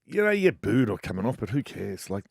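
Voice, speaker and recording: A man's voice: lowish voice, very animated, a little fast, creaky, dry recording, clean studio sound. A man with an Australian accent, a former rugby league player, telling blunt, jokey stories on a radio panel.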